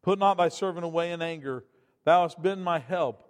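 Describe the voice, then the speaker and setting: A high-voiced man preaches a sermon at normal speed, swinging between loud, emphatic bursts and quiet asides. His words ring out with a long reverb in a church hall.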